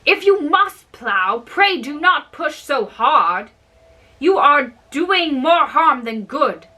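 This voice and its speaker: A woman's voice: sing-song, extremely slow, full character voice. Woman playing a frightened farmer father. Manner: raised, pleading, higher and louder.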